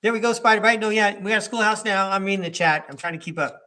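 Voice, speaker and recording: A man with a rather high voice hosts a live tarot stream in an easygoing, chatty way. He slows down to read card keywords aloud one at a time and talks to viewers in the chat. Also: steady tone, bright, forceful tone. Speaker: tarot reader and livestream host.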